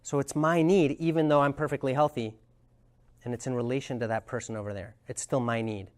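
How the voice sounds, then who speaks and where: A man leading a communication workshop, explaining ideas thoughtfully and telling a story, often pausing to search for words. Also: mid-range voice, fairly even intonation, darkish tone. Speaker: communication trainer.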